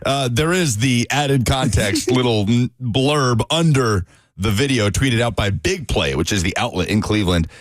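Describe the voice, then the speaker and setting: A man co-hosting sports radio, wry and expressive as he relays news in casual banter. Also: mid-range voice, normal speed, dry recording.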